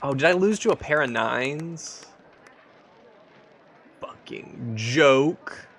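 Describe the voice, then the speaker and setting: A young Scottish man streams a casino game, trading jokey banter with his chat and reacting to wins and losses. His medium-pitched voice is a bit bright with lively intonation and a slow pace, and there's a little hiss or hum.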